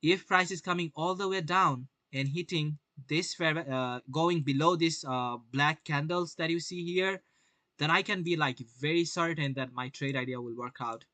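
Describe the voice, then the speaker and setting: A man's voice: on the high side, normal speed, sharp tone, dry recording. Brash young man streaming trade commentary. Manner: brash, swears often, asks viewers rhetorical questions. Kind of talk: live-stream market commentary.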